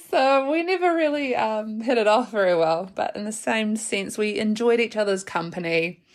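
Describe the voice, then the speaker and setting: A woman in her thirties with a New Zealand accent, hosting a casual solo podcast, rambling in a frank, slangy way and laughing often. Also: mid-range voice. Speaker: podcast host.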